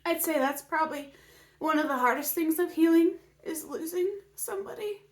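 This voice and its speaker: A woman's voice: very high-pitched, normal speed. A woman vlogging casually about her healing, emotional and open, with many fillers and moments where she drops to a whisper. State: emotional, near tears. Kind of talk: casual personal vlog.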